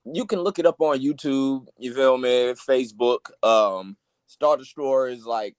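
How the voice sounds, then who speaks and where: A man talking as a musician guest in a casual interview, loose and halting, with lots of fillers and "you feel me" tags. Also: mid-range voice, smooth, no echo.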